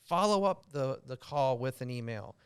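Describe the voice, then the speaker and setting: An American man hosting a podcast, giving advice in a loose, filler-heavy way that gets animated when he makes a point. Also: medium pitch, moderate pace, clear, resonant tone. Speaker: podcast host, real estate coach. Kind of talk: casual podcast chat giving tips.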